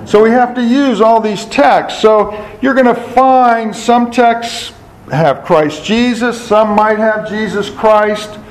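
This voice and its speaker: A man's voice: sits high, takes it slowly, rough recording. A man giving a sermon as a Bible teacher, asking his listeners questions, answering them himself and repeating key words for emphasis.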